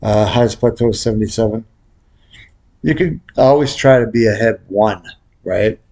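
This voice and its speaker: Middle-aged guy talking you through his bets, low voice, rambly and goofy, little whistle on some words. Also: normal speed, warm tone. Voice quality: whistly from a cracked tooth. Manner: rambling, jokey, laughs at himself. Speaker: baccarat instructor. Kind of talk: casual tutorial commentary.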